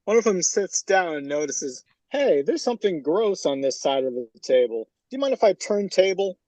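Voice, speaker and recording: Man improv player, halting joke delivery, slightly high voice, dry close sound. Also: very animated, a little mellow, no echo. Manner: halting, many fillers and restarts. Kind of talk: casual joke telling.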